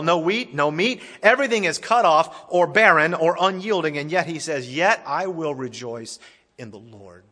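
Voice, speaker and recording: A pastor preaching a sermon, swinging dramatically from loud declarations to hushed tones. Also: male voice, on the high side. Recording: long reverb of a large hall.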